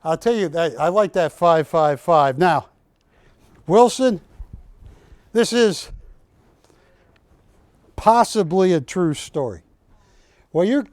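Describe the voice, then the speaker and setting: A man's voice: sits high, a little mellow, no echo. An older man hosting a live shopping show, joking with staff and urging callers on. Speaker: shopping channel host. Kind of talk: live TV sales pitch. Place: TV studio.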